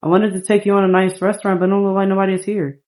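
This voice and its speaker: A woman's voice: mid-range voice, little pitch movement, very fast, a little mellow, natural voice. A woman voicing an earnest, easygoing young man on a date in a laid-back, reassuring way. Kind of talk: playful character voicing over gameplay.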